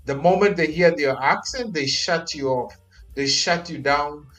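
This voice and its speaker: A man from Kenya tells stories in a relaxed chat, his voice sitting a little high. He talks in an animated way and often repeats his words. Soft music plays faintly under him. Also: a little slow, low-quality recording. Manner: animated storytelling, repeats phrases. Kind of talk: casual chat.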